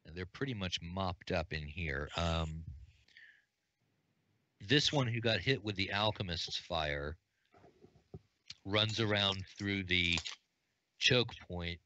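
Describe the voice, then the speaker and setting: Halting, bright-voiced male game master. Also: low voice, no echo, highs cut off. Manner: plain, halting narration with many fillers. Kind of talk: narrating an unscripted tabletop game.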